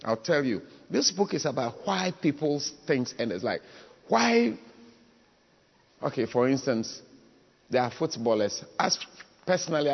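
A man preaching a sermon as a pastor, repeating himself and often asking listeners whether they understand. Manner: mimics high voices for humor. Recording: dull, reverberant hall.

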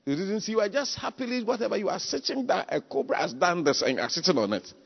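A man preaching a sermon, telling stories with sudden loud exclamations. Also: high voice, very animated, quick pace, vocal fry, husky. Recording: echoey hall, dull lo-fi sound.

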